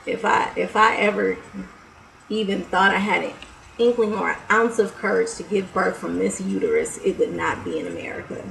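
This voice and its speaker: A young woman vents straight to her camera in a heated, profane, blunt way, breaking into laughs and sighs. Her voice has a gravelly, creaky edge. There is a soft hum of room sound behind her. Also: fairly low pitch, low-quality recording. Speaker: vlogger. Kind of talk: casual on-camera rant.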